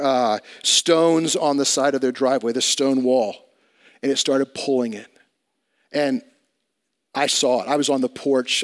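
High-voiced preaching man with big swings. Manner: conversational preaching with dramatic swings in volume and pitch. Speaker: pastor. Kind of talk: sermon.

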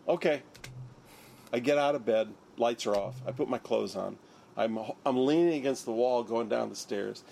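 A man's voice: medium pitch, moderate pace, gravelly, a little mellow, a little hiss or hum. An older man, a surgeon, recounting his story in an interview, acting out the lines of others. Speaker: interviewee, neurosurgeon.

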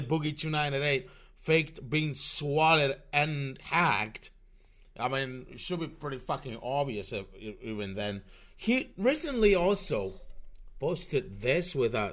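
A man's voice: medium pitch, a bit bright. A young man ranting through online commentary over a screen recording, profane and sarcastic, often restarting his sentences.

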